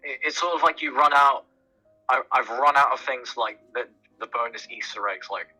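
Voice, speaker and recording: Young man, podcast guest, very bright tense voice, hesitant, stammering restarts. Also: medium pitch, normal speed, slightly rough, soft background music, rough recording. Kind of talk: casual podcast chat about films.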